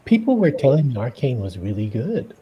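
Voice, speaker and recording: A man's voice: medium pitch, big pitch swings, brisk, lo-fi sound. A man chatting casually on a drawing livestream, laughing often and trailing off mid-sentence. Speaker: artist co-host. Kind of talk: casual chat while drawing. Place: indoors at a livestream drawing session.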